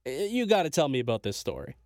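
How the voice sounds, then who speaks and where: A man's voice: mid-range voice, wildly swooping pitch, quick pace, a little mellow, no echo. A male podcast host, eager and easy to laugh, who asks his guest questions in casual chat. His voice sounds close and dry.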